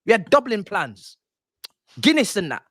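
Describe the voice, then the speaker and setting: A man's voice: high voice, huge pitch swings, moderate pace, a bit bright, no echo, clean studio sound. A man, a football fan panelist delivering a theatrical, mock-indignant rant.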